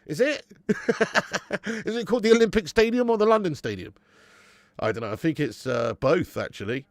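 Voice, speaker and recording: A man's voice: high voice, moderate pace, no room sound, studio quality. A man hosting a football watch-along stream, bantering with chat, swearing and laughing as he reads messages aloud. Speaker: livestream host.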